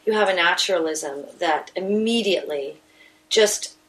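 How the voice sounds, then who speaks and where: A woman's voice: fairly low pitch, measured pace, a bit bright, rough recording. A woman stage actor in a casual interview, recorded inside a house, explaining her ideas thoughtfully with frequent restarts.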